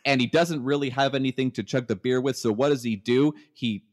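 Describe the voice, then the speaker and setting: A Canadian man telling stories in a relaxed chat, often pausing with fillers and restarting his sentences. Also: mid-range voice. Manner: hesitant, many fillers and restarts. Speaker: guest. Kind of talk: casual storytelling.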